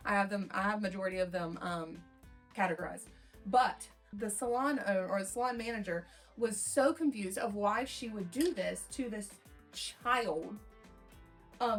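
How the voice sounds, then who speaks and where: Woman, young adult, chatty rambling storyteller, mid-pitch, soft music underneath. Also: moderate pace. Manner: rambling, chatty, acts out quotes in lively voices. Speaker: hairstylist storyteller. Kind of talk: casual storytime vlog.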